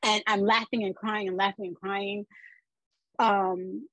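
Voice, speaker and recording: A woman's voice: mid-range voice, little pitch movement, measured pace, fairly bright tone, no room sound, rough recording. A woman guest on a podcast telling her personal story, acting out the voices of the people in it.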